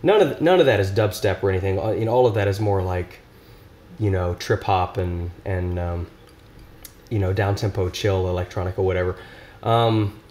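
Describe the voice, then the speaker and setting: A man's voice: sits low, moderate pace, darkish tone, slight background noise. A young man guesting on a podcast, talking casually, rambling with lots of restarts and laughter. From Nashville area, US. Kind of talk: casual chat.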